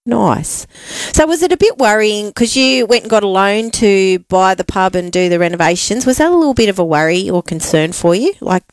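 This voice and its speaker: A woman hosting a casual radio chat, chatty and quick to laugh. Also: medium pitch, lively intonation, dry recording. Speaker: radio show host.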